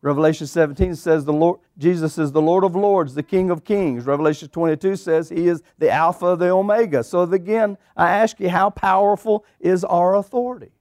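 Folksy preacher, fairly high voice. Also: male voice, brisk, hardly any pauses, no room sound, studio quality. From eastern Oklahoma. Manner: animated, drawls folksy phrases, rhetorical questions to the congregation. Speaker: pastor. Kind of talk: sermon storytelling.

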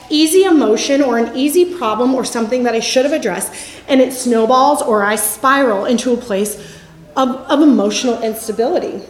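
A middle-aged woman giving a candid Christian teaching talk, speaking conversationally and telling stories, often trailing off softly at the ends of thoughts. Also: high-pitched, echoey room.

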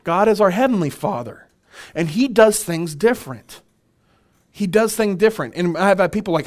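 A minister leads a relaxed Bible workshop with an animated delivery. His man's voice sits a little high, and he often laughs lightly and says his point twice. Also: moderate pace. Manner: animated, chuckling, repeats key phrases. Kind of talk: conversational Bible teaching.

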